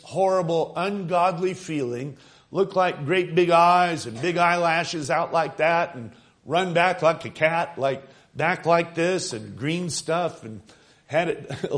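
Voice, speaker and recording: A man preaching a sermon, retelling a story with dramatic slowing and rising for emphasis. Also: fairly high pitch.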